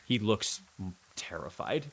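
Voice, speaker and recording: A man's voice: fairly low pitch, lively intonation, measured pace, creaky, fairly bright tone, rough recording. A man running a tabletop game as game master, describing the scene in a rambling, hesitant way.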